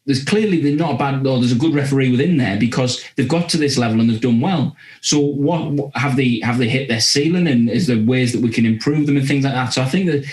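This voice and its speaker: A man on a podcast, calmly reasoning through his points in casual chat. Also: medium pitch, fairly quick, hardly any pauses. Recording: roomy echo.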